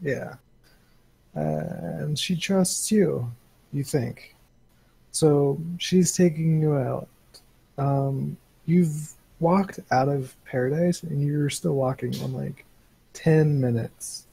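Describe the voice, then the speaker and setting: Slow, gravelly man running a tabletop game. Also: fairly high pitch, warm tone, no echo, poor audio. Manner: slow, halting narration with many fillers. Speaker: game master.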